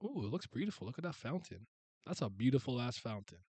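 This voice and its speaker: A man giving casual reaction commentary as a video host, excitable and often laughing and swearing. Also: medium pitch, fast, slightly rough, no echo.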